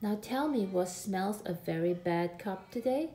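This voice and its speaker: A woman voicing a brisk mother wolf with a cooing manner, reading a storybook aloud. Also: mid-range voice, lively intonation, mellow, lightly acted. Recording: echoey room.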